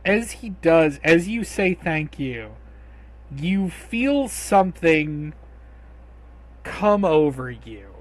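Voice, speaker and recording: Male game master, unhurried and descriptive, voice on the higher side. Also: very animated. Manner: measured, descriptive storytelling. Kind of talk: narrating a tabletop game.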